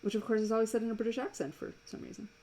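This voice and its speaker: A woman's voice: fairly high pitch, little pitch movement, racing, dark tone, low-quality recording. A woman cartoonist chatting casually while she draws live at her desk, amused and rambling, laughing often. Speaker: live-drawing cartoonist and streamer. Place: home desk.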